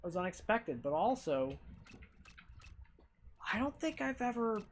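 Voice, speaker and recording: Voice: medium pitch, big pitch swings, normal speed, a little hiss or hum. A game streamer casually talking through their own live gameplay, swearing freely and reacting to what happens on screen. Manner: casual, profane, reacting to play.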